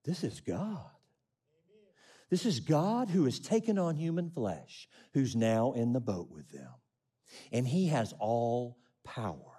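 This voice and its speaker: A man's voice: medium pitch, very animated, slow pace, dark tone, slightly rough. A middle-aged man preaching a sermon, reading scripture and asking the congregation questions with rising emphasis. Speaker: pastor.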